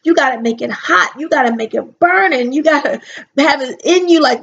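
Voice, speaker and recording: A woman giving a motivational talk, emphatic, stretching her key words out slowly. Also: sits high, gravelly, fairly bright tone, highs cut off. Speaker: motivational speaker.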